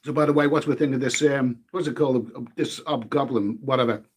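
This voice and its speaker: Husky chatty man on a live stream. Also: medium pitch, fairly quick. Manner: chatty, eats while talking, swears mildly, reads viewer names aloud. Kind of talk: casual live-stream chat reading comments.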